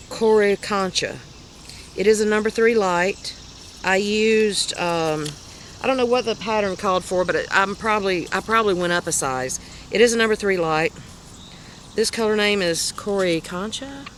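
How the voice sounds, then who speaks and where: A woman's voice: medium pitch, a bit bright, slight background noise. Chatty Southern woman crochet host. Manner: chatty, rambling, quick to laugh at herself. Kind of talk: casual show-and-tell chat.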